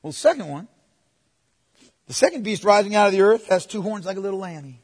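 A man preaching a sermon, moving between forceful proclamation and hushed, playful asides to the congregation. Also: high-pitched, animated, fast, husky, in a large hall. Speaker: pastor.

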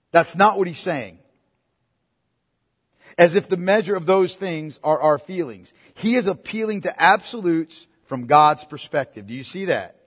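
A man's voice: sits high, husky. A male pastor preaching a sermon, emphatic and full of rhetorical questions put to the congregation. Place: church sanctuary. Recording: long reverb in a large hall.

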